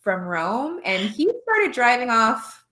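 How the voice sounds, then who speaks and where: A woman's voice: on the high side, big pitch swings, slow, sharp tone. A young woman co-hosting a podcast, recapping a film plot in rambling casual chat, full of "um" and "like" fillers. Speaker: podcast co-host.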